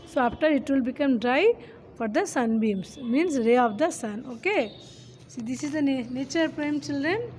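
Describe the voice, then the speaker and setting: A woman teaches a children's poem at a slow, deliberate pace. Her voice sits high, and she keeps checking in with the class. A faint background hiss runs under the recording. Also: darkish tone. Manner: reads slowly, then explains step by step with frequent "okay" and "children".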